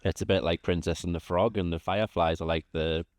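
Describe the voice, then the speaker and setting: A man's voice: low-pitched, steady tone, brisk, no room sound. A man talking as a guest in a casual chat, laid-back and a bit hesitant.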